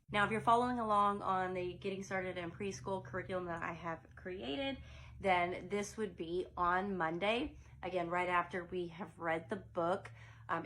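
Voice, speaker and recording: A middle-aged preschool teacher with a drawl talks through a classroom song in a lowish voice. She demonstrates it playfully, switching into silly character voices. A faint room hum sits behind her. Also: a bit bright, low-quality recording.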